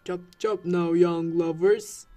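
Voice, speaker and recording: A young woman doing a lineup of game characters in a lower, theatrical voice. The reads are deliberate and stagey. Faint game music sits under the lines. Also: steady tone, mellow. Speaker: gameplay streamer voicing characters.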